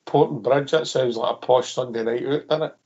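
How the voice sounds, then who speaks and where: A man's voice: medium pitch, fairly quick, a little mellow, a little hiss or hum. A Scottish man hosting a football phone-in radio show, easygoing and friendly, thanking callers and crew. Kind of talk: casual football phone-in chat. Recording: dull lo-fi audio.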